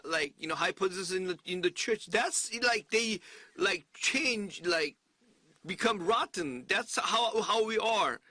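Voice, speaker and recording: A man preaching a sermon in an earnest, emphatic way, often halting and restarting his sentences. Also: sits high, sharp tone, dry recording. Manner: halting, with frequent restarts and fillers.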